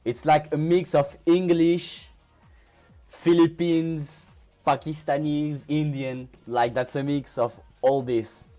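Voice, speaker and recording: A man's voice: a little high, flat delivery, takes it slowly, warm tone, soft background music. A man with a French accent, a native French speaker, chatting casually with viewers on a trading live stream, often restarting and repeating words. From France. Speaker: crypto trading livestreamer.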